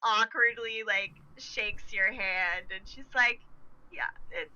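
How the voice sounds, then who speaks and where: Bright, slow-talking woman running a game. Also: medium pitch. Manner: chatty, many fillers and restarts, laughs easily. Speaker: game master. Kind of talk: narrating a tabletop game. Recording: dull lo-fi recording.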